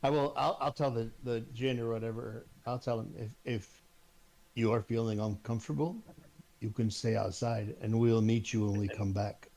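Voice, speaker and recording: Mellow-voiced male player. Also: mid-range voice, fairly even intonation, normal speed, vocal fry. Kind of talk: casual tabletop play.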